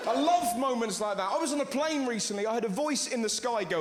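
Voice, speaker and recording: A male stand-up comedian telling stories in an animated way, acting out the people in them. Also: extremely high pitch, very noisy. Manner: animated storytelling, acting out characters in quick voices. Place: large theatre on stage. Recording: echoey theatre, loud crowd laughter. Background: audience laughing.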